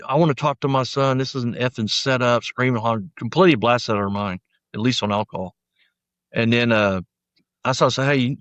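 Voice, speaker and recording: A man's voice: mid-range voice, a bit bright, dry recording. A middle-aged man, a former sheriff's deputy, recounting his story in an interview, with frequent restarts and quoted lines acted out. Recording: dry, slightly dull audio.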